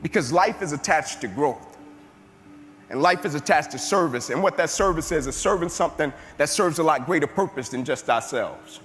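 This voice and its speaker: A man speaks to an audience in a large hall as a motivational speaker, emphatic and expressive, layering repeated phrases to build each point. His voice is a little high and a bit bright at normal speed, recorded in a reverberant space with music in the background.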